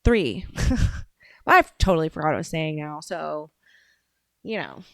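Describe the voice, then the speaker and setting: A woman's voice: low voice, lively intonation, normal speed, gravelly, fairly bright tone, dry recording. A woman hosting a casual livestream show, rambling off on tangents and swearing casually. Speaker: show host.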